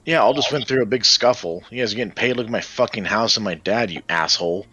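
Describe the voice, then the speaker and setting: A man's voice: fairly low pitch, sharp tone, slightly rough, no echo, voice pushed up. A man voicing a defensive, brash young man who swears a lot and sounds exasperated, on a dull lo-fi mic. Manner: swears a lot, quick and indignant.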